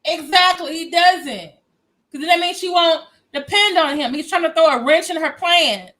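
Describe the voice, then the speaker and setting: A woman giving sassy reaction commentary in a high, bright voice. She speaks straight to her viewers and talks animatedly. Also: normal speed, poor audio. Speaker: commentary YouTuber.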